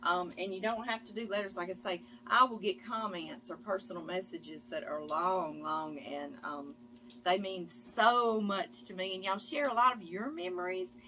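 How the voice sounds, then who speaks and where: A woman's voice: medium pitch, moderate pace, bright, forceful tone. A middle-aged woman, chatting affectionately as she reads viewer mail on her channel. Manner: chatty and affectionate, often calls listeners "girl" and "y'all". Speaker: cooking channel host. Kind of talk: casual chat reading viewer mail.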